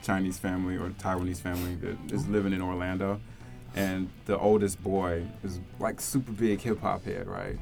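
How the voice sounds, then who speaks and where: Laid-back low-voiced guy with music behind. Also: little pitch movement, moderate pace, creaky, a little mellow. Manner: laid-back, slangy, lots of fillers. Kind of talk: casual chat.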